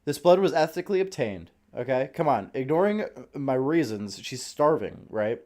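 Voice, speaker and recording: A man voicing an eager young male prison guard, who talks in an earnest, fumbling and excitable way. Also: medium pitch, normal speed, voice pushed up, close to an everyday voice.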